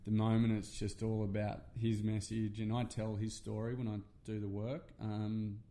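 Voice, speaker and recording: A man's voice: on the low side, monotone, normal speed, mellow. Earnest Australian man telling a story. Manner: earnest, swears freely, many fillers. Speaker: podcast guest, men's workshop facilitator. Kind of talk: casual conversational storytelling.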